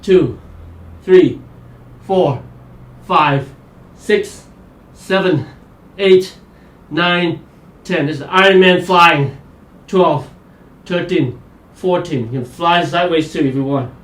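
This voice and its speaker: A man's voice: on the high side, slow, long pauses. Guy hosting a golf fitness stream, pumped and pushy, roomy echo. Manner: energetic, motivational, pushes through exercise while talking. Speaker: golf fitness coach and show host. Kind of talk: live-streamed workout and golf tips.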